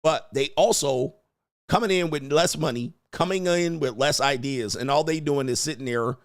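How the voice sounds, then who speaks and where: A man's voice: on the high side, moderate pace, no room sound, studio quality. A man hosting a livestream, talking bluntly and crudely about business partners and laughing at his own jokes. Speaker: livestream host. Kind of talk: casual livestream rant.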